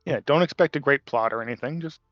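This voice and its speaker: A man chatting casually with friends over a voice call, hedging his points and quick to laugh. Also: mid-range voice, no echo, lo-fi sound, faint music behind. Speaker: player.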